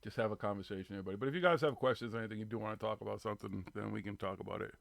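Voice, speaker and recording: A man's voice: on the low side, racing, vocal fry, no room sound. A man in his thirties hosting a live online show, chatting casually and telling loose stories with plenty of swearing. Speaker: podcast host. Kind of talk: casual chat on a live stream.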